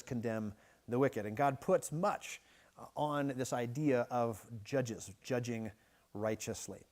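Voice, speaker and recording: A man preaching a midweek Bible study sermon, teaching in a conversational way that is often broken by restarts and quick "right?" checks. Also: mid-range voice. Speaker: pastor. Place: church.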